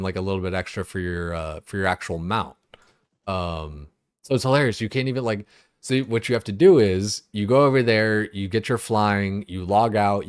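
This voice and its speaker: A young male streamer rants casually on his gaming livestream, exasperated and rambling, with lots of swearing and fillers. His pitch is fairly low, and the clean studio sound is dry.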